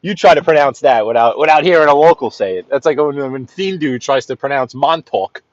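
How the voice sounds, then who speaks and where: A man with a New York accent chatting to viewers while driving, greeting them by name and often clearing his throat. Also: medium pitch, animated, brisk, no room sound, lo-fi sound. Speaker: livestream host driving. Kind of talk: casual live-stream chat while driving. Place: inside a car on city streets.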